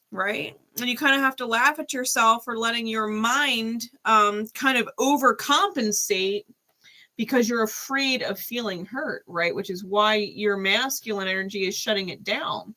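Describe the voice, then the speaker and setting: Woman, tarot reader on a live stream, bright voice, casual and chatty, laughs easily. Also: fairly high pitch, measured pace. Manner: casual, chatty, laughs often, frequent "right?". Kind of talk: live-stream reading and chat.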